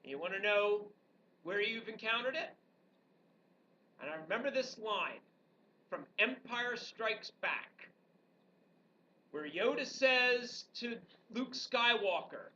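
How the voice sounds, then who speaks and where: High, bright-voiced woman teacher lecturing. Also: takes it slowly, pauses often. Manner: animated and joking, with rhetorical questions to the class. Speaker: high school history teacher. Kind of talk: classroom lecture. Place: classroom. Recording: dull, distant classroom recording with faint background noise.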